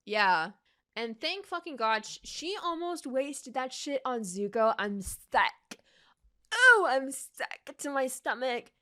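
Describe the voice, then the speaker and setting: Young woman ranting into her mic, kinda high, super bright punchy voice, swearing a lot, all worked up. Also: very animated, takes it slowly. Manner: heated, profane, talks straight to the character. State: worked up and sweating. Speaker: reaction video host. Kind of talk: ranting reaction commentary. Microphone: desk microphone.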